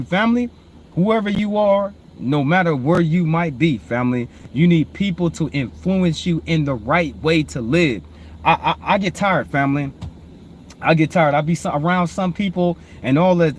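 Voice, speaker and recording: A man, hosting and preaching informally on proverbs, repeatedly calling listeners "family", swinging between low murmured reading and loud emphatic preaching. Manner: repetitive, calls listeners "family". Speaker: host.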